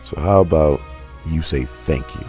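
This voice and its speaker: A man's voice: a bass voice, measured pace, dark tone, soft background music. A man doing a bitter grey Hulk. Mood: resentful. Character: brooding grey male Hulk, bitter and defiant.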